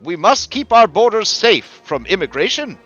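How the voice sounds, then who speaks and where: A man's voice: high-pitched, big pitch swings, normal speed, a bit bright, highs cut off, soft background music, pitched above the performer's own voice, exaggerated voice. A man doing a prim robot elevator attendant. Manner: courteous, prim.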